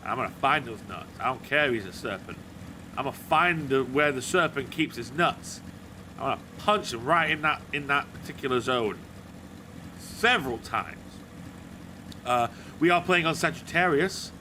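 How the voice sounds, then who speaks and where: A man's voice: medium pitch, animated, normal speed, noisy background. A man live-streaming a game, joking and rambling as he plays. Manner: jokey, rambling, self-correcting. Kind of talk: casual live-stream gaming commentary.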